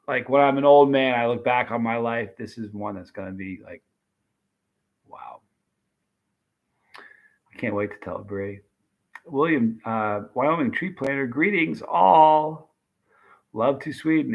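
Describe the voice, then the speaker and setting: This late-night livestream host has a medium-pitched voice, and the recording has its highs cut off. He keeps things casual, reading out comments and thanking each viewer by name.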